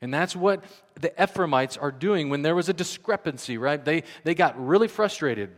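A man preaching a sermon in a conversational, animated way, acting out the voices he quotes. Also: fairly high pitch, moderate pace, big-room sound. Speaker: pastor.

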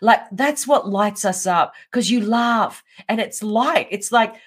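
A middle-aged woman in a casual interview, telling a story with lively energy, often laughing and acting out what people said. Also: a little high, unhurried, husky. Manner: animated, laughs often, acts out quotes. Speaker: guest.

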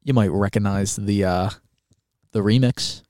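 A man's voice: on the low side, unhurried, a little mellow, no room sound, studio quality. A man hosting a podcast in casual chat, goofy, joking around and swearing. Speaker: podcast host.

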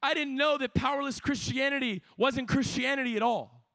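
A young man with a high, bright-pitched voice preaches at a youth camp. He swings from hushed storytelling to fervent, shouted exhortation. The sound is close and dry, with no room around it. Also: fairly quick, gravelly, dry recording. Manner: passionate, builds to shouting. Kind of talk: sermon.

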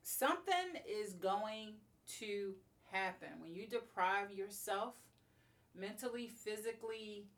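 A woman's voice: mid-range voice, lively intonation, slow, a bit bright, recorded from a distance. A woman guest talking casually in an interview, emphatic and fond of repeating key phrases. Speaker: guest, beauty bar co-owner.

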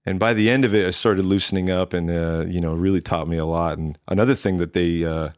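A man's voice: sits low, steady tone, fast talker, darkish tone, clean tone, no room sound, clean studio sound. A man, a drummer and guest, telling a rambling story in casual conversation and acting out what people said to him. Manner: rambling, acts out quoted dialogue with restarts.

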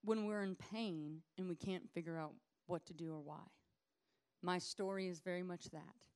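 A woman preaching a casual, conversational sermon, animated and acting out scenes as she tells them. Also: lowish voice, normal speed, clear, resonant tone.

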